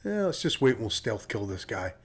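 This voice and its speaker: A man's voice: lowish voice, big pitch swings, brisk. A Scottish man live-streaming a game, chatting casually with viewers, swearing and laughing freely, a bit sniffly. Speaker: gaming streamer. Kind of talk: casual live-stream chat and gameplay commentary.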